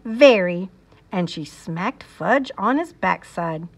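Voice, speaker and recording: Reader: woman narrating a kids' novel, lively and unhurried. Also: a little high. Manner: expressive. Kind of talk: reading a children's novel aloud.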